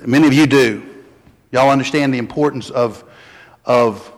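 A man preaching a sermon as pastor, folksy and animated, building to strong emphasis. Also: medium pitch, moderate pace, in a large hall.

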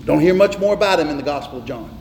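A man's voice: fairly high pitch, lively intonation, very fast. A man preaching a sermon from the pulpit, emphatic and repetitive, hammering on single words. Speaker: pastor. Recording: reverberant hall with faint noise.

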